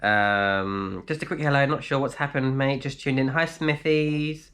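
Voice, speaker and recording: A man chatting casually on a live stream from his flat, reading out viewers' comments and answering them. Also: mid-range voice, unhurried. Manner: chatty, reads out comments and replies, laughs easily. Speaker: vlogger answering live chat. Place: indoors in a flat.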